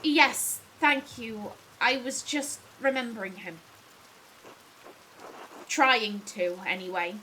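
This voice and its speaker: A woman voicing a weary middle-aged male master painter in a game, speaking low and quietly with a mournful tone. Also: slow, pauses often, a little hiss or hum, low-quality recording.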